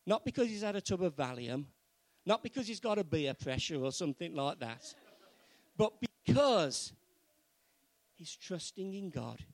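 A man preaching a sermon, moving from quiet, earnest pleading to loud, fervent exhortation. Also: high-pitched, big pitch swings, measured pace, no room sound, low-quality recording.

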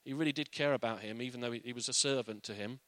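A man's voice: medium pitch, rapid-fire, a bit bright, no room sound. A man giving an informal, earnest Bible teaching in a conversational way.

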